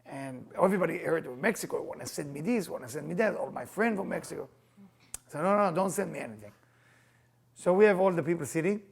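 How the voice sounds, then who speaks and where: A middle-aged man teaching a group, telling stories in an animated way and acting out the lines of the people in them. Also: fairly high pitch, fast, vocal fry. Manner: animated, acts out quoted dialogue. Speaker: Kabbalah teacher. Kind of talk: storytelling talk to a group.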